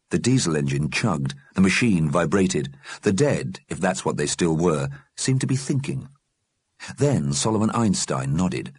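A man's voice: low-pitched, big pitch swings, unhurried, darkish tone, slightly rough, no room sound, clean studio sound. A man narrating an audiobook expressively.

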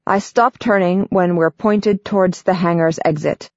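A woman narrating a story in first person for an audiobook, steady and clear. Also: on the low side, a little slow, dry recording. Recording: dull, dry studio sound.

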